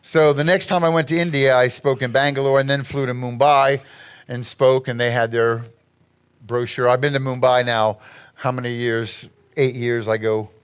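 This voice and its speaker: A man's voice: medium pitch, steady tone, measured pace, clear, resonant tone. A man giving a rambling, chatty talk over a slideshow, laughing at his own jokes. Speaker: guest speaker at a church gathering.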